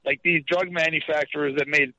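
A man's voice: a little high, fairly even intonation, brisk, bright, forceful tone, no echo. A man from Canada ranting with passion as a guest on a talk radio interview, heard through dull lo-fi radio sound. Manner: impassioned, ranting.

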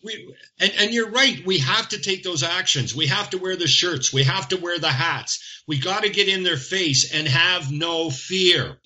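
A man's voice: sits high, a little slow, sharp tone. A man who is a guest on a talk show, speaking in a fervent, indignant way and stacking up lists of complaints. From Canada. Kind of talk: impassioned talk-show chat. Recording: dull lo-fi audio.

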